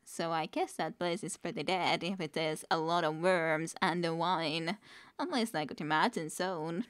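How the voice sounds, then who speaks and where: A woman's voice: lowish voice, moderate pace, fairly bright tone. A woman streamer reading a book aloud, with wry, chatty asides.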